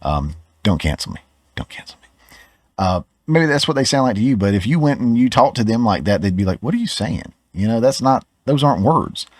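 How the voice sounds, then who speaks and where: A man's voice: lowish voice, animated, a little fast, no room sound, studio quality. A Southern US man hosting a podcast, giving opinionated commentary in a conversational way, often restarting his words. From Georgia, US. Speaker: podcast host.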